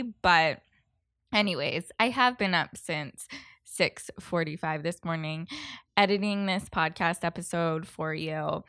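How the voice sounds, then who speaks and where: A woman's voice: fairly low pitch, a bit bright, clean tone, no echo, clean studio sound. A woman hosting her own podcast, chatting casually and rambling a little, with a froggy morning voice. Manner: rambling, chatty, self-correcting. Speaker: podcast host. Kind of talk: casual solo podcast intro.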